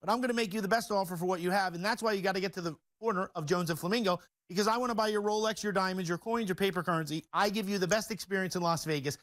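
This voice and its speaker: Man, high-pitched, boastful salesman, rapid-fire, jokey, TV guest. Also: fairly bright tone. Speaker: store owner guest. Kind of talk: fast sales pitch on a TV talk show.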